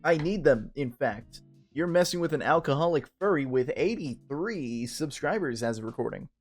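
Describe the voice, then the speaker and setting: A man's voice: fairly high pitch, expressive, moderate pace, soft background music. A tipsy man in casual game commentary, reading the text aloud, rambling and swearing. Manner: rambling, profane, tipsy and joking. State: drunk. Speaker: game streamer.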